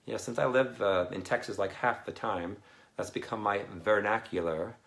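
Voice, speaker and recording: A man's voice: on the low side, normal speed, creaky, a bit bright. A man hosting a casual livestream as a minister, chatty and rambling, reading out viewer comments. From Canada. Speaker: deliverance minister and livestream host.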